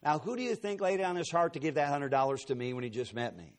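A man's voice: a little high, animated, fast. Joking, storytelling preacher man. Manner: folksy, joking asides to the congregation. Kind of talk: sermon with storytelling.

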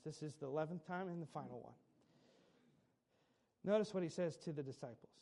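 A man's voice: fairly high pitch, brisk, vocal fry, pauses often, mellow. A male preacher delivering a sermon with emphatic, repetitive phrasing and light chuckles.

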